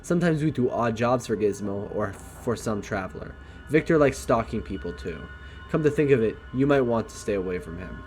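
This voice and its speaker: A man reading the lines of a tough young female gang member from a game, in a flat read-aloud delivery. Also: fairly low pitch, a little fast, soft background music, close to an everyday voice. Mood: casual bragging.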